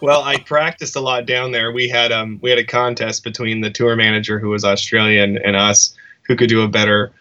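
A man's voice: lowish voice, little pitch movement, brisk, bright, forceful tone. A man and musician in a casual interview, talking thoughtfully and often restarting, in dull, muffled audio.

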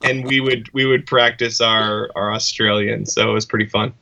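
A man's voice: lowish voice, fairly even intonation, normal speed, creaky, pushed and bright. A man and musician in a casual interview, talking thoughtfully and often restarting, in dull, muffled audio.

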